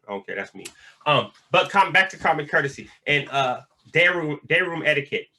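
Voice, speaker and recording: A man's voice: fairly high pitch, bright, forceful tone. A man telling prison stories in a laid-back, slangy way with lots of fillers. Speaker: vlogger talking about prison life. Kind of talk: casual storytelling monologue.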